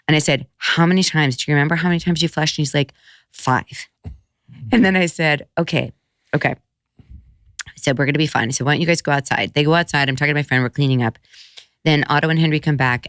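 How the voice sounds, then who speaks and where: A middle-aged woman, a podcast guest, telling a story in casual chat, acting out quotes with big jumps in pitch and swearing freely. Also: a little fast, no echo, studio quality.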